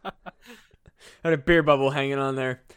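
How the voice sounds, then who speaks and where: A man's voice: medium pitch, steady tone, moderate pace, clear, resonant tone, no room sound, studio quality. A man co-hosting a comedy podcast in casual chat, laid-back, swearing and laughing often. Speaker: podcast co-host.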